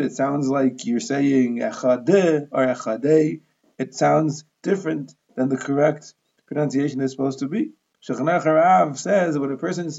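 Male Talmud teacher, gravelly and a touch high, methodical explainer, muffled lo-fi sound. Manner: steady, methodical explaining, Hebrew and Aramaic terms mixed into English. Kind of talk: explanatory lesson.

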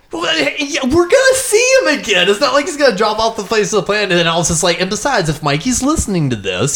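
A young man hosts a casual podcast chat, his voice lifting and dropping in a lively, animated way. He rambles through stories full of fillers and laughter, sitting a touch higher than most men. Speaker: podcast host.

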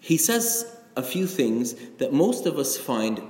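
A man's voice: mid-range voice, sing-song, slow, a little mellow. A middle-aged male pastor preaching a sermon in a conversational, confessional way, often checking in with "right?". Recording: echoey hall with long reverb.

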